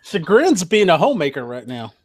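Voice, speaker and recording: A man's voice: on the high side, very animated, fairly quick. Upbeat joking man hosting a hangout. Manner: joking, upbeat, laughs often. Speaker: stream host. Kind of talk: casual group chat.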